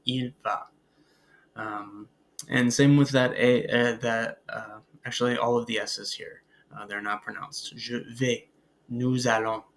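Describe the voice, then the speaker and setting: A man teaching a beginners' French lesson over slides, patient and filling pauses with "uh" and "um" as he models French phrases. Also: mid-range voice, fairly bright tone. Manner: patient, many filler "uh"s and "um"s; switches into careful French pronunciation models. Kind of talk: recorded slide lecture.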